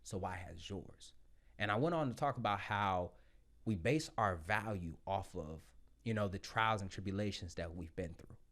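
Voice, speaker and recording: A man in his thirties telling his story as a podcast guest, blunt and profane, loud when excited and quiet when reflective. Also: lowish voice, normal speed. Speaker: podcast guest, Marine sergeant. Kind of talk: casual storytelling.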